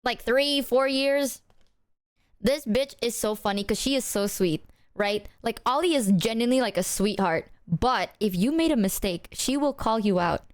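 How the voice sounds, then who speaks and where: A woman with a high voice talks casually as a streamer. She tells her stories in an animated, slangy way. She is speaking to her viewers. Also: moderate pace. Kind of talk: casual chat.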